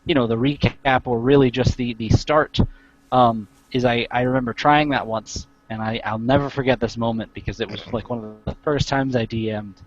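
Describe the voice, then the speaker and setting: A lo-fi, animated male storyteller. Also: mid-range voice. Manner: animated storyteller, halting restarts. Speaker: tabletop game player. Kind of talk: casual chat among gamers.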